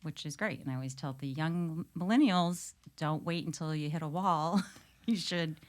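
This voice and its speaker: A woman's voice: low-pitched, normal speed. A woman from New York, the show's sidekick, chatting easily and laughing often. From New York, United States. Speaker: podcast sidekick. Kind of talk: casual chat.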